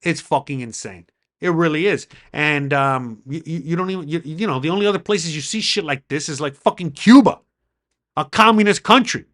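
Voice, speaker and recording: A man's voice: a little high, a little fast, a bit bright. A middle-aged man hosting his own podcast, talking straight to viewers in a heated, profane, rambling monologue. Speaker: podcast host; criminal attorney.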